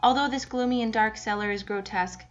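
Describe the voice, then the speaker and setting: A woman's voice: fairly high pitch, steady tone, quick pace, lo-fi sound, soft background music. A young adult woman, a student, reading a prepared class presentation steadily as a voice-over. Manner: reads a prepared script steadily.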